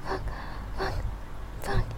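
A young woman out of breath, breathy and panting, making an intimate solo audio recording. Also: slow. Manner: breathy, panting, expletive-laden exclamations. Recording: noisy background hiss.

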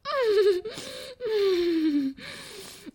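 A woman playing a breathy, flustered young streamer. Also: a little high, darkish tone. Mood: breathless.

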